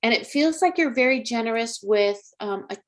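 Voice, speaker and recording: Middle-aged woman psychic on a live stream, higher voice, warm, coaxing, chatty tone. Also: expressive, normal speed. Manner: chatty, coaxing, calls viewers honey and girl. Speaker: psychic medium. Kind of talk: live-stream astrology reading.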